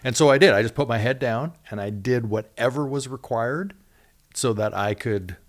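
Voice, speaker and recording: A man's voice: medium pitch, moderate pace. A man hosting an interview as a minister, chatting casually with many fillers and tagging his points with "right?". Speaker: host and minister.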